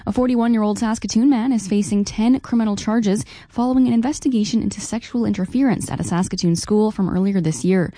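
A woman anchoring the news, reading scripted stories in a measured, even way into a studio mic. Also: medium pitch, no echo.

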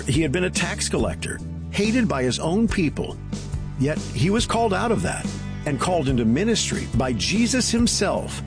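A male announcer reads a devotional reflection with a lively, expressive pitch. The delivery is smooth and scripted. Music plays clearly underneath his voice. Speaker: radio program announcer.

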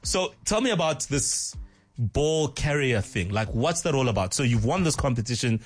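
A man's voice: mid-range voice, very animated, moderate pace, slightly rough. A South African man interviewing a child, enthusiastic and laughing often.

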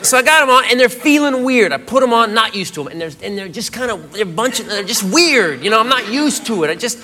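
A man's voice: very high-pitched, lively intonation, quick pace, bright, forceful tone. A man doing stand-up, telling a rambling story and often breaking into giggles on a comedy club stage. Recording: live club recording with audience noise.

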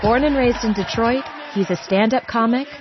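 A show host reading a scripted introduction in a measured way. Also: mid-range voice, a crowd in the background. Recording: muffled, with music and audience.

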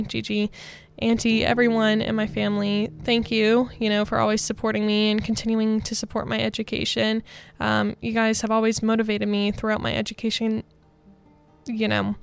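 A woman's voice: fairly high pitch, gravelly. A young woman, a college radio DJ, giving rambling, earnest on-air thank-yous full of fillers into a studio microphone. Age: young adult.

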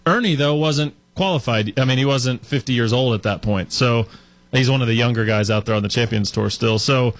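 A man co-hosting a sports radio show, telling a story in a chatty, animated way with lots of fillers. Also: mid-range voice, fairly quick, no echo. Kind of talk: casual sports talk.

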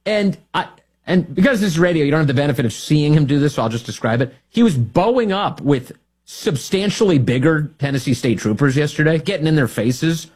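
Husky, lively-voiced radio host man. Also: fairly high pitch, a little fast. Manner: mocking, sarcastic, laughs at his own jokes. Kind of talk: political talk radio commentary.

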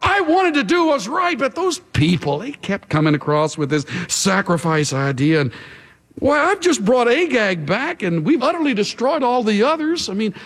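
A man's voice: sing-song, moderate pace, a bit bright, full character voice. A preacher voicing a defensive ancient king who whines excuses in a pleading, raised voice. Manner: pleading, excuse-making, high-pitched.

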